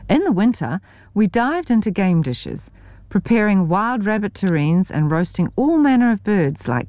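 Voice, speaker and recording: A woman's voice: medium pitch, darkish tone, no echo, lo-fi sound. Wry New woman reading a memoir. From New Zealand. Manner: dry, wry storytelling. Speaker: memoir reader. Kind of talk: scripted narration.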